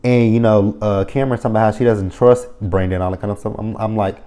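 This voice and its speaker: Give me a man recapping reality TV in a loose, unscripted way. His voice sits a little low and sounds dark and mellow, and he swears bluntly between filler words. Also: fairly even intonation, quick pace. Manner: blunt, heavily profane, full of fillers. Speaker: reality TV reviewer. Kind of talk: casual opinionated commentary. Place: lives near the area the show covers.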